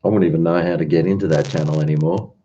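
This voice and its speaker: A man with a low, mellow voice chats loosely with his livestream audience and reads their comments aloud. His talk wanders from topic to topic. The audio is dull and lo-fi. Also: steady tone, rapid-fire, slight background noise. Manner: chatty, rambling, answers chat comments. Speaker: livestream host. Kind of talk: casual chat with viewers.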